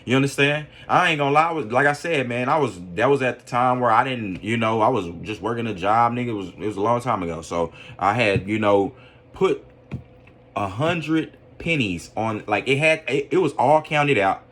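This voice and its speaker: A man's voice: medium pitch, moderate pace, fairly bright tone. A man giving a casual opinion monologue on a podcast. He rambles, fills his talk with "you know", keeps checking in with the listener, and turns earnestly preachy about his faith. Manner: earnest, preaching religious conviction. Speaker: podcast commentator.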